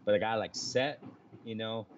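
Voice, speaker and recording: A man's voice: lowish voice, fairly even intonation, normal speed. Sarcastic, argumentative man on a podcast. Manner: argumentative, sarcastic, pushes back hard. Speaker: podcast co-host. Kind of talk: casual chat about wrestling. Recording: lo-fi with faint background noise.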